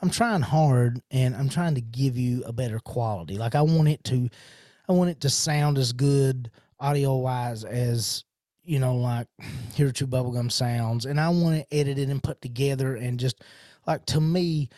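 A man's voice: mid-range voice, moderate pace, mellow, no room sound. A man hosting his own podcast, rambling in a casual train of thought with lots of restarts and fillers, into a studio mic. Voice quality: self-described horrible accent. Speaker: podcast host.

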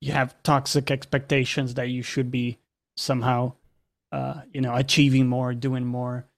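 A man's voice: mid-range voice, little pitch movement, moderate pace, vocal fry. A man speaking as a guest in a casual chat, talking in a reflective and hesitant way with many fillers.

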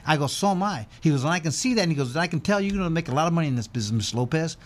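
A man telling a winding story with a lively voice that jumps high and drops low as he acts out the people in it. He sits as a guest and talks in an easy, rambling way. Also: very fast. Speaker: former boxer, guest. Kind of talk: casual storytelling interview.

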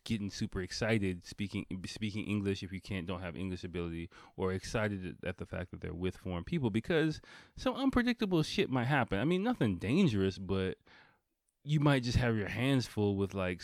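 A man in his thirties rambles through a story with a lowish voice, swearing freely and laughing as he goes. The sound is dry, with no room echo. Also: darkish tone. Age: 30s. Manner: rambling and profane, with frequent laughs and fillers. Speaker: vlogger. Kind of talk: casual storytelling.

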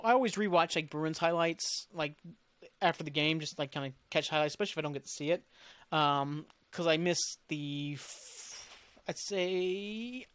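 A man's voice: on the high side, fairly bright tone, dry recording. A man hosting a casual podcast, ranting in a frustrated, profane, rambling way. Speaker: podcast host. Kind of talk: casual solo podcast rant.

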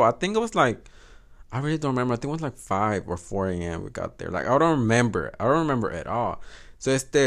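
Young man, middle pitch, very lively intonation, casual storytelling, swears freely. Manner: animated, swearing, code-switching Spanish words, laughing often. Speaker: podcast host.

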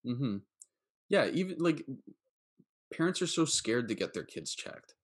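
A man hosting a podcast, chatting casually and telling anecdotes in a relaxed way, with fillers and quick asides. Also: mid-range voice. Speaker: podcast host.

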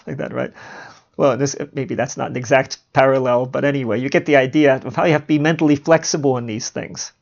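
A man hosting a podcast, musing on philosophy in a relaxed monologue and chuckling at his own asides. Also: medium pitch, brisk, vocal fry. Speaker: podcast host. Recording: dull lo-fi home recording.

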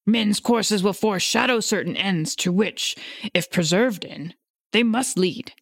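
A woman's voice: measured pace, no echo. A woman reading a desperate old miser pleading. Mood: solemn, questioning. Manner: desperate, pleading, voice rising high. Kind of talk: audiobook reading.

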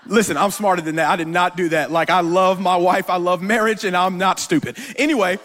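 A man's voice: high voice, steady tone, fairly quick, few pauses, a bit bright. A male pastor giving a live sermon in a church, telling stories with humor and talking straight to the congregation. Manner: playful, storytelling, talks straight to the congregation.

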